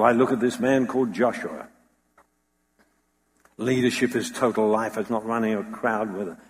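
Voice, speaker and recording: A man preaching a sermon with dramatic storytelling, acting out the voices he quotes. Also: fairly low pitch. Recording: long hall reverb.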